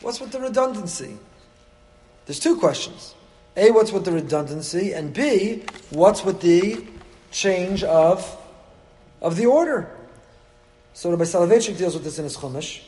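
A man leads a lively Torah lesson, his voice sitting somewhat high. He throws out rhetorical questions and briefly acts out lines from the text. A long reverb trails each phrase, as in a large hall. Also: moderate pace. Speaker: rabbi teaching a Torah class.

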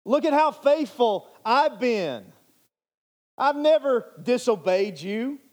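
A man's voice: extremely high pitch, animated, takes it slowly, voice pushed up, heavily acted. A man voicing a self-righteous, resentful older brother, a young man in a parable, with an indignant, complaining manner.

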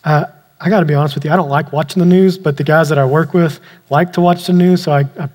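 A man preaching a sermon, earnest, slowing down and dropping quiet to stress key words. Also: fairly high pitch, steady tone. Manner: earnest, slows down and drops quiet for emphasis. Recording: long reverb of a large hall.

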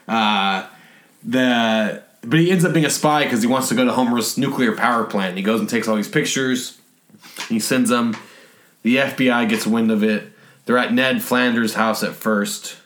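A man's voice: medium pitch, moderate pace, fairly bright tone. A man hosting a casual podcast, rambling through an episode recap with restarts and laughs. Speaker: podcast host.

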